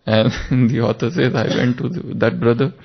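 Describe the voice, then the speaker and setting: A man giving an unhurried spiritual talk, telling stories and repeating key words. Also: medium pitch, vocal fry, breathy edge. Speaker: spiritual class speaker. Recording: dull lo-fi recording.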